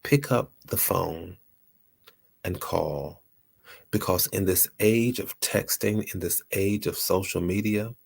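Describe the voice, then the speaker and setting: A man's voice: deep voice, gravelly, husky. A man hosting a motivational talk, earnest and repeating his phrases for emphasis. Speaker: host.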